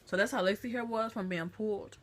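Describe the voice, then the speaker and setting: A woman vlogger chatting to a phone camera, retelling a family story in a lively, chatty way. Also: mid-range voice, brisk.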